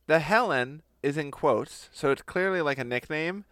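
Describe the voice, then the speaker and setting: A man's voice: fairly high pitch, moderate pace, fairly bright tone, clear, resonant tone, no echo. A male podcast co-host casually telling a story, often laughing as he talks.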